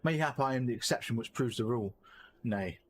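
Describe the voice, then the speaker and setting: A man's voice: mid-range voice, a little fast, slight background noise, natural voice. A man reading the lines of an earnest, formal young male elf leader, solemn and remorseful. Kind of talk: reading game dialogue aloud.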